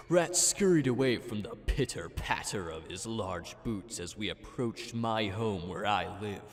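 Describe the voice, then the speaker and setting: A man narrating a mock-dramatic comic story in a slow, theatrical, overblown way. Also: fairly low pitch. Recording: echoey, music behind.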